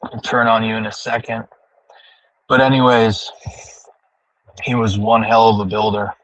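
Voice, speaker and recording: A man's voice: fairly low pitch, flat delivery, measured pace, fairly bright tone, highs cut off. A man livestreaming from his car on the drive home, rambling and ranting with heavy profanity as he talks to his chat. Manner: profane, ranting, thinking aloud. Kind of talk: casual rambling monologue.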